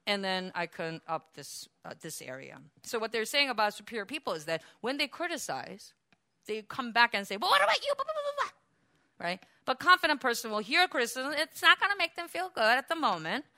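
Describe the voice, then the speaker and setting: A woman preaches to her church in a high, bright voice. She is animated and often slips into acted-out quotes of other people, with frequent laughter. It is a sermon, not a chat. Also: fairly quick. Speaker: pastor.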